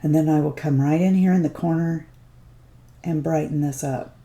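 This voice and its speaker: A woman hosting a beauty vlog, calmly walking through a makeup tutorial step by step. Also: sits low, normal speed. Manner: gentle step-by-step instruction. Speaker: beauty vlogger.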